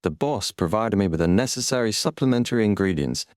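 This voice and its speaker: A man voicing a calm, calculating male fire wielder in an audiobook, composed and quietly confident. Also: fairly low pitch, fast, smooth, dry recording, clean studio sound, pitched above the performer's own voice, lightly acted. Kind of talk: audiobook character reading.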